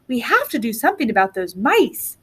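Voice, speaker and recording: Woman reading as a practical mother, brisk, sensible, storybook. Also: a little high, very animated, a bit bright, breathy edge, full character voice.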